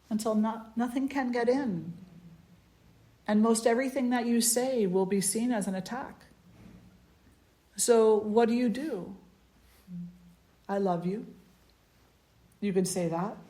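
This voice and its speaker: A woman spiritual teacher giving a satsang talk, telling stories gently in short, unhurried phrases. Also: fairly high pitch. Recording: echoey room.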